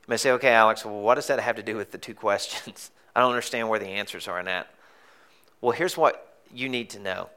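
Guy pastor giving a sermon, bright punchy voice, chatty and jokey, goes hushed and intense sometimes. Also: fairly low pitch, a little fast. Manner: conversational and joking, dropping to a hushed intensity.

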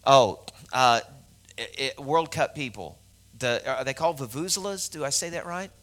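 Bright-voiced joking preacher from Arkansas. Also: male voice, medium pitch, normal speed. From Arkansas, US South. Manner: conversational and joking, many fillers and asides to the audience. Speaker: pastor. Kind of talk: sermon.

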